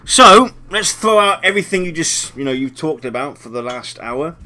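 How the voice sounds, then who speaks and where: A male podcast host with a bright, fairly high voice that moves around a lot. He hosts casually and teases his guests playfully. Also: expressive, moderate pace, soft background music. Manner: playful, teasing.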